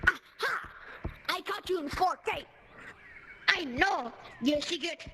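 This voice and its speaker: A woman gamer doing playful in-game role-play through a VR headset mic, excitable and dramatic, with sudden shouts. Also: very high voice, slow pace, long pauses. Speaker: gamer making a VR game movie. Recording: noisy VR game capture.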